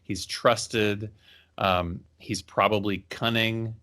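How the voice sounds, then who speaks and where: A man's voice: lowish voice, steady tone, slow, bright, forceful tone. A man co-hosting a fan podcast, talking thoughtfully with hesitant restarts and wry jokes. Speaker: podcast co-host. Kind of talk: casual fan discussion.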